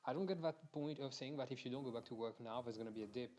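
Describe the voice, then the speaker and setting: A man's voice: mid-range voice, very fast, a little mellow. A young man from Mauritius, ranting casually and animatedly during a game stream, swearing and restarting sentences.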